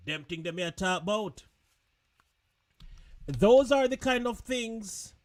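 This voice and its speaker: A man's voice: high-pitched, lively intonation, slow, pauses often. A man hosting a live online show in a loose, chatty way, often repeating words. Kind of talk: casual live-stream chat.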